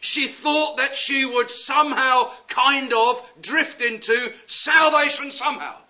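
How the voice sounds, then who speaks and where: A man preaching a sermon, impassioned and pleading, swinging from loud urgent appeals to hushed words. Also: extremely high pitch, steady tone, slow pace. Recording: dull lo-fi sound.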